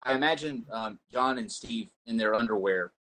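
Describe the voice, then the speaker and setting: A man's voice: on the low side, moderate pace, fairly bright tone, poor audio. Joking man hosting a casual show. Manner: joking, rambling with fillers. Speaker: host. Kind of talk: casual livestream chat.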